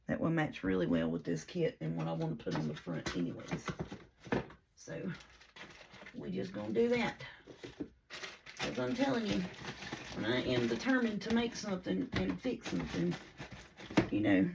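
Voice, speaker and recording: Gravelly folksy woman crafting on camera. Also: lowish voice, noisy background. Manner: rambling, folksy, talks through her own mistakes. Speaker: paper crafter demonstrating a project. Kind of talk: casual craft tutorial chat.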